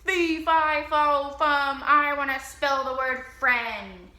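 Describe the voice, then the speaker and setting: A woman voicing a friendly, hungry female monster puppet who chants loudly, recorded in a roomy space. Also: extremely slow, heavily acted. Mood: hungry chanting. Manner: booming chant, loud and hungry. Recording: roomy echo.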